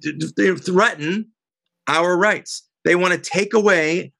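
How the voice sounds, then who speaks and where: A middle-aged woman as an interview guest, telling a heated story in an animated, indignant way. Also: on the low side, takes it slowly, gravelly, dry recording. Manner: animated, indignant, quotes others.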